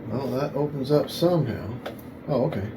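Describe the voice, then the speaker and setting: A man's voice: medium pitch, lively intonation, normal speed, background noise. A man hosting a hobby video, casually thinking aloud and correcting himself as he unboxes, often calling things cool.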